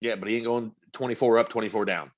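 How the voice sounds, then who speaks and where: A man's voice: fairly low pitch, quick pace. A man co-hosting a podcast in casual chat, telling a story with a lot of swearing and acted-out quotes. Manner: profane, animated storytelling with quoted asides. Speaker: podcast co-host.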